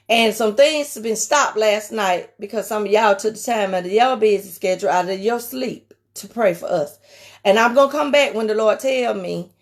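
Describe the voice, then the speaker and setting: A woman with a mid-range, raspy voice and a country twang leads a casual sermon on a live stream. Her delivery is emphatic, looping back to key phrases and speaking to viewers by name.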